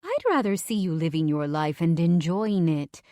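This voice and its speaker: A woman's voice: on the low side, very animated, moderate pace, warm tone, no echo, studio quality. A woman reading the part of a doting, theatrical middle-aged mother in an audiobook, fond and dramatic with her endearments. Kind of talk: audiobook dialogue.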